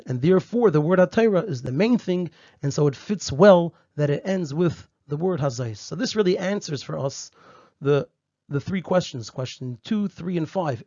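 Going through a Torah text one line at a time, this fairly high-voiced male teacher repeats important phrases and says Hebrew and Yiddish words in the Ashkenazi style. His sound is slightly mellow, and the recording comes across dry and somewhat dull.

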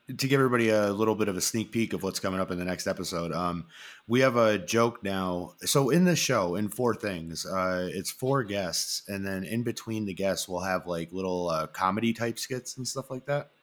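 A man's voice: deep voice, moderate pace. A man hosting a podcast, chatting casually and rambling through stories with lots of fillers and restarts. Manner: rambling storyteller, many fillers and restarts, acts out quotes. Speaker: podcast host. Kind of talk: casual chat.

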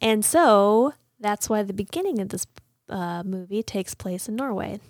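A woman's voice: medium pitch, unhurried, vocal fry, no echo, studio quality. A woman co-hosting a comedy podcast, chatting and laughing often. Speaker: podcast co-host. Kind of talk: casual chat.

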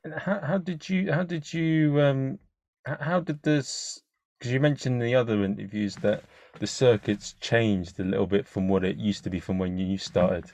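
A male podcast interviewer asking hesitant, halting questions. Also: medium pitch, fairly even intonation, a little mellow, no room sound.

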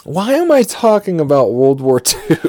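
A man's voice: fairly high pitch, dark tone. A young man riffing through a profane comedic monologue, swearing freely and laughing at his own jokes.

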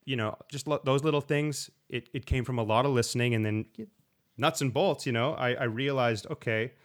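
Relaxed rambling guitarist man. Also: mid-range voice, a little fast. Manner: relaxed, rambling, with frequent restarts and acted-out quotes. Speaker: slide guitarist guest. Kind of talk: casual interview talk.

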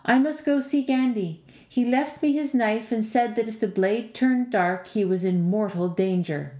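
A woman's voice: fairly high pitch, unhurried, dark tone, echoey room, voice pushed up, lightly acted. A woman voicing an earnest young man speaking urgently to his mother.

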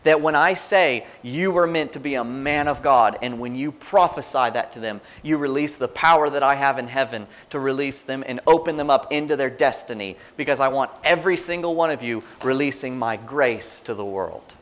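A man's voice: medium pitch, normal speed, few pauses. Conversational male preacher giving a sermon. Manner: conversational, animated preaching with quoted prayers.

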